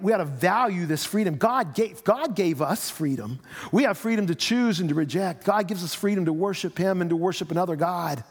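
A middle-aged man, a pastor, preaching a sermon in a conversational way, often repeating his words. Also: sits high. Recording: long hall reverb.

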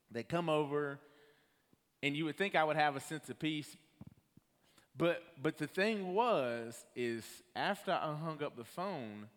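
Man, preacher, lively storytelling sermon, medium pitch, reverberant hall. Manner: animated storytelling, acting out voices.

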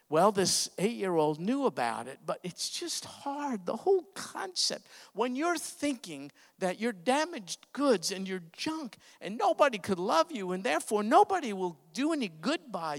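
A male preacher with a slightly raised pitch delivers an emotional sermon story at an unhurried pace. He pauses often, and his voice carries a long hall echo. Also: a bit bright.

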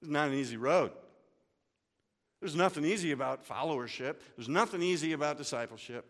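A man's voice: fairly high pitch, brisk. Preacher man in a reverberant hall. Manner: dramatic swings from hushed to loud. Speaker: pastor. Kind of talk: sermon.

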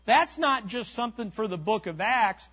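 A man's voice: sits high, lively intonation, a bit bright, breathy edge. A man preaching a sermon, emphatic and repetitive, calling out to the congregation. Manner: emphatic, repeats key lines slowly; calls to the congregation. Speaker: pastor.

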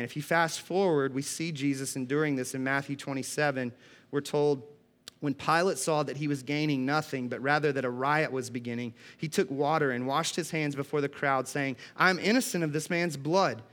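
Male preacher, young adult, earnest and emphatic sermon delivery, voice a bit on the high side. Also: fairly bright tone. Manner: earnest, emphatic, reads scripture aloud.

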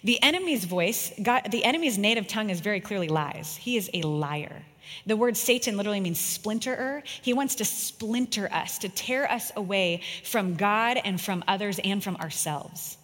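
A woman's voice: mid-range voice, expressive, normal speed, few pauses, a bit bright. Earnest woman preaching in a big hall. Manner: earnest, storytelling, emphatic. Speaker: speaker. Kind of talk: sermon. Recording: long echo in a large room.

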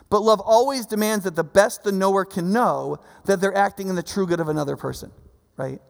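A male pastor preaching a conversational sermon, animated and acting out the voices of the people in his story. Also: high-pitched, vocal fry, long reverb tail. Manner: conversational, animated, acts out quotes.

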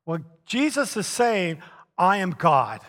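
A middle-aged man preaching a sermon, telling stories with chuckles and lively emphasis. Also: high-pitched, takes it slowly. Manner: animated storytelling with chuckles. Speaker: pastor. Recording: long reverb of a large hall.

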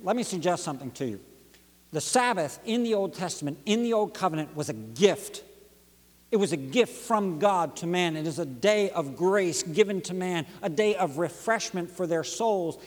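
A pastor delivering a sermon with rhythmic, dynamic preaching that swings from near-whisper drops to rising emphatic peaks. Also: male voice, high voice, animated, normal speed, in a large hall. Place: church sanctuary.

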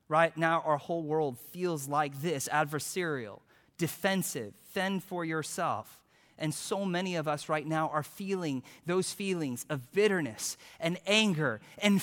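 A male preacher telling a story in a sermon, animated as he acts out quotes, then turning hushed and earnest. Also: on the high side, long reverb tail.

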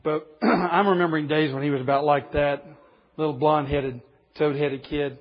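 Husky-voiced preacher man telling stories. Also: fairly high pitch, steady tone, normal speed. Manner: storytelling, humorous, emphatic. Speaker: pastor. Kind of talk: sermon. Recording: dull lo-fi recording.

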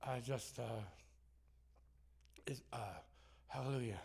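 A man's voice: medium pitch, steady tone, slow pace, darkish tone, slightly rough. A man preaching a sermon in a church, joking and self-deprecating, with frequent restarts. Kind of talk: sermon with humor. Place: church sanctuary.

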